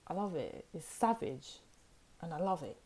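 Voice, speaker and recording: A woman's voice: lowish voice, very animated, normal speed, warm tone. A young woman giving a casual, sassy tarot reading to camera, full of "like" and "you know". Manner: chatty and sassy, heavy use of "like" and "you know". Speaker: tarot reader.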